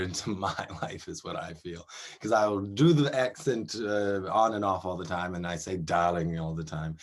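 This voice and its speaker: A man in his thirties from Canada, a performer talking in a casual interview, chatty and animated, laughing often between his words. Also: low voice. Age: 30s. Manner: chatty, animated, quick to laugh, many fillers.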